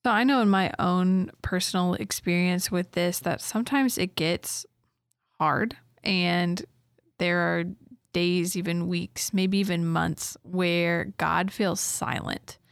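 Woman host, low voice with vocal fry, dry close sound. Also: steady tone, takes it slowly, no echo. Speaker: podcast host. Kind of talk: interview questions.

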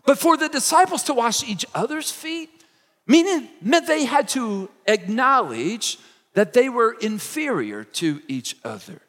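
Male pastor, expressive sermon delivery, reverberant sanctuary sound. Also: very high voice, measured pace. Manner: expressive preaching, acts out quoted lines.

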